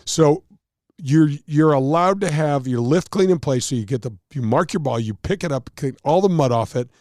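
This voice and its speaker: A man's voice: on the high side, normal speed, darkish tone, no echo, studio quality. A man, a touring golf pro, explaining rules and telling stories in a casual chat, acting out quotes and laughing at himself.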